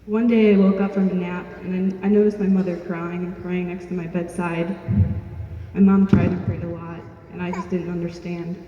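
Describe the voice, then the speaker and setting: Young woman, earnest storyteller, flat delivery; dull, distant recording with heavy room echo. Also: fairly low pitch, normal speed, slight background noise. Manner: earnest, plain-spoken, with small restarts. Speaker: speaker telling her own story. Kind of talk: personal storytelling to an audience. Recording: distant, dull-sounding mic in an echoey hall.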